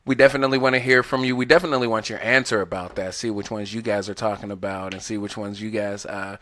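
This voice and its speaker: A man's voice: fairly low pitch, steady tone, quick pace, a bit bright, no room sound. A man co-hosting a casual podcast chat, rambling, repeating himself and laughing often. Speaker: podcast co-host.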